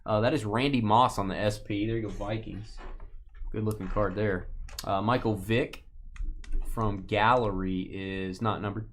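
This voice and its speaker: A man's voice: fairly low pitch, fairly even intonation. Joking man rattling off card-break lists. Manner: joking, rattles off names and teams in quick lists. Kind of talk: casual live-stream chat while opening cards.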